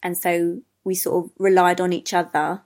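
A mother talking calmly in a measured way about having a new baby. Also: lowish voice. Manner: calm, measured, many ums. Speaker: interviewee, mother. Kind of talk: casual chat.

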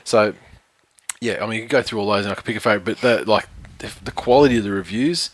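A man co-hosting a casual sports podcast, rambling and chatty, reading listener reviews aloud slowly. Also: lowish voice. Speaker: podcast co-host.

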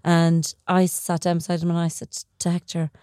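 A woman's voice: on the low side, completely flat delivery, normal speed, mellow, clear, resonant tone, no echo, clean studio sound. A woman telling a gossipy story in a casual podcast chat.

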